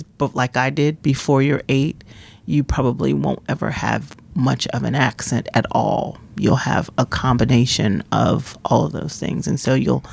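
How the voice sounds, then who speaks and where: A woman in her fifties co-hosting a casual chat, telling animated stories and laughing often. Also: rumbling low, creaky. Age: 50s. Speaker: podcast co-host.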